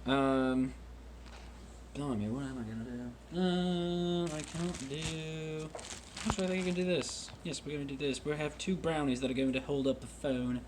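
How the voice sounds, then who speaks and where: A man's voice: a little high, steady tone, moderate pace, a little mellow, slight background noise. Man hamming up a fake British accent. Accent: put-on British. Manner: jokey, rambling and self-mocking. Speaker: wine vlog host. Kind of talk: casual wine-tasting vlog. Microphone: phone.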